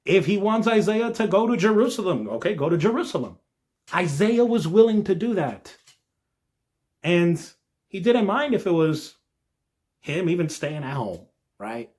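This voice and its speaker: A man's voice: moderate pace, pauses often. A young man from New Jersey giving an earnest devotional talk, checking in often with "all right?" and letting his voice rise when he stresses a point. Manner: earnest, lively rises in pitch, frequent "all right?" asides. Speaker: Christian video creator.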